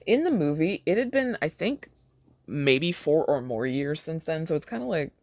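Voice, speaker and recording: Chatty host reading fan fiction, wry commentary; dry, close, mid-pitched voice. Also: very animated, moderate pace, a little mellow, no room sound. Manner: wry, chatty asides with laughs. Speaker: podcast host.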